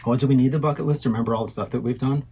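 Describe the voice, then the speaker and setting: A man's voice: medium pitch, steady tone, racing, mellow, slight background noise. A man in his thirties co-hosting a casual podcast, rambling and self-deprecating, often trailing off mid-sentence. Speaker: podcast co-host. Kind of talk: casual chat.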